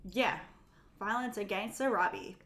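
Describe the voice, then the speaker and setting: A woman's voice: mid-range voice, animated, normal speed, a bit bright. A woman co-hosting in casual, chatty recap talk, laughing often and acting out quotes. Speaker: podcast co-host. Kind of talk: casual chat recapping a film. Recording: echoey room.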